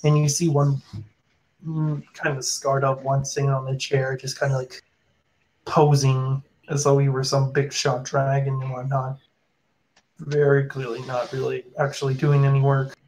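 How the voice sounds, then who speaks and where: Casual, halting male game master. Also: mid-range voice, completely flat delivery, darkish tone, rough recording. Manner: casual, halting narration with fillers. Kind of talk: narrating a tabletop game.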